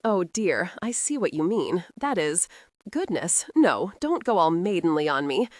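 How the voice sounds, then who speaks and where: A woman's voice: on the low side, very animated, a little slow, darkish tone, dry recording. A woman voicing a bold young man with a dry, teasing way of speaking, in an audiobook.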